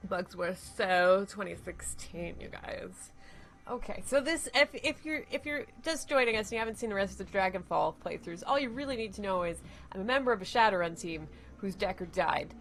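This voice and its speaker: A woman's voice: mid-range voice, expressive, normal speed. A young woman streaming a video game, chatting with viewers, greeting them by name and talking through her moves. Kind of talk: casual game streaming chat.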